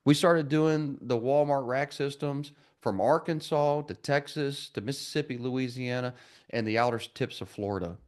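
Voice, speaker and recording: A man's voice: medium pitch, normal speed. A man in his forties, a trades business coach, telling stories in a podcast interview and acting out the dialogue. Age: 40s. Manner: animated, acts out dialogue in quoted voices.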